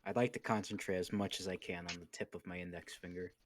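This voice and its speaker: A man's voice: low voice, steady tone, quick pace, a little hiss or hum. A man playing in a tabletop game, joking and playful as he talks at the table. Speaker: player.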